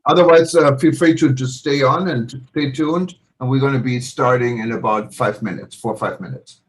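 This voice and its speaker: A man hosting a live online panel on a video call, making brisk housekeeping announcements. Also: medium pitch. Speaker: host.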